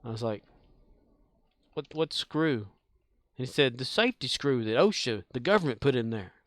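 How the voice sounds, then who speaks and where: A man's voice: mid-range voice, sing-song, fast, fairly bright tone, no room sound. Man rambling through a casual story. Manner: rambling, chuckling, many fillers. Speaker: game streamer. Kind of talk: casual storytelling while gaming.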